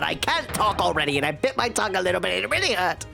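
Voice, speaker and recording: Brief: swearing, joking male streamer, lively up-and-down voice, faint music behind. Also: sits high, fast talker, vocal fry, few pauses. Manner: crude, joking, swears a lot. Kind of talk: casual game-stream chat.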